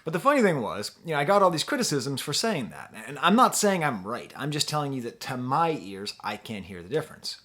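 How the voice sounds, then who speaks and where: A man's voice: mid-range voice, sing-song, a little fast, hardly any pauses, a bit bright. Rambling, self-deprecating middle-aged American man. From United States. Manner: rambling, chatty, self-deprecating with frequent restarts. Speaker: music reviewer. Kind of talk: casual talking-head review.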